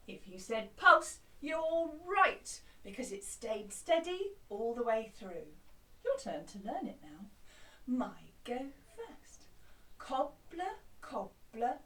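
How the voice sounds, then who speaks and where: A woman music teacher giving a lively, encouraging lesson to young children, chanting along with them. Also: on the high side, far from the mic. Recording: roomy, from off mic.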